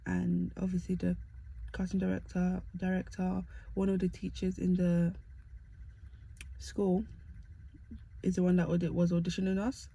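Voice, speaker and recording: A woman's voice: lowish voice, creaky, mellow, rough recording. A young woman from the UK telling stories to camera in a chatty, self-mocking way. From United Kingdom. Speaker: vlogger. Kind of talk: casual storytelling to camera.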